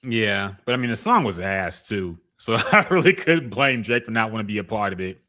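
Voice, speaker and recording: A man with a lowish voice and a bright, forceful edge chats casually as a podcast co-host. He gives his opinions in a relaxed, easygoing way and laughs often. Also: normal speed. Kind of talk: casual chat about music.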